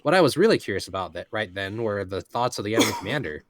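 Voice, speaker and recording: A man with a low voice reads light novel narration in a relaxed, casual way, dropping jokey asides. The recording is dry and close, with no room sound. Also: fast, no echo. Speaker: reader of the main narrator. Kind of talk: first-person novel narration mixed with banter.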